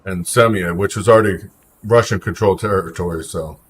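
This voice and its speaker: A man's voice: low-pitched, brisk, a little hiss or hum. Opinionated man chatting on a livestream. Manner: opinionated, talks back to chat by name. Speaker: livestream host. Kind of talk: casual livestream chat reacting to viewer comments.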